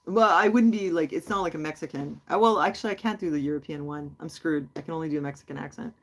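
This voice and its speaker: A woman's voice: low-pitched, fast talker. A woman hosting a casual livestream, chatty and rambling as she answers her viewers. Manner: chatty and rambling, many fillers. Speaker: host.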